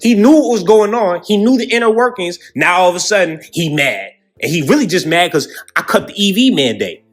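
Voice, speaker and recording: A man with a high, lively voice riffs through comedic political commentary, heavy on slang and quick mock impressions. His pitch jumps all over as he talks, with faint music underneath. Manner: animated, slangy, acts out quotes in mocking voices. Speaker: online commentator.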